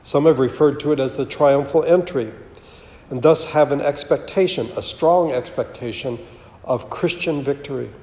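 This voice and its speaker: A man giving a slow, measured, solemn sermon as pastor, reading scripture aloud. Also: mid-range voice, mellow. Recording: roomy with long reverb.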